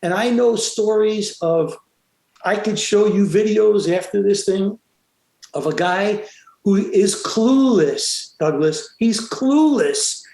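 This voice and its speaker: Man, boxing referee guest, high voice, emphatic storyteller, echoey room. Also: animated, slow, gravelly, a little mellow. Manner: emphatic, acts out quotes, frequent restarts. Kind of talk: animated storytelling in an interview.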